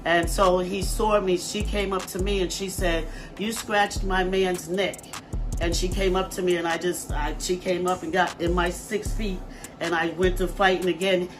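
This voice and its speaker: A woman who supervises a hotel front desk, giving a personal account in an interview and pausing often with "um". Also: lowish voice, flat delivery. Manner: halting, with frequent "um" pauses. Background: music playing under the voice.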